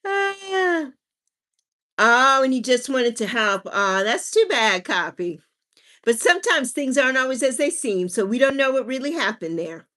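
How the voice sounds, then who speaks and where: A woman hosts a casual livestream, greeting viewers by name and reading their comments aloud. Her voice sits a little high and moves up and down a lot. She laughs often between thoughts. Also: sing-song, a little slow, pushed and bright. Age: adult with a child. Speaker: livestream host.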